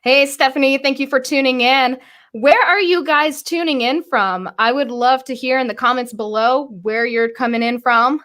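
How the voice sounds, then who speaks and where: Woman, high-ish voice, bubbly live-stream host, excitable, stumbles over words. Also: normal speed. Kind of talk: live-stream career interview.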